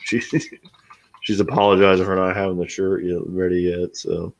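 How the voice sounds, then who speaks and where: A man's voice: low voice, flat delivery, normal speed, vocal fry. A middle-aged man hosting a casual live stream, talking bluntly and swearing freely. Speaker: host.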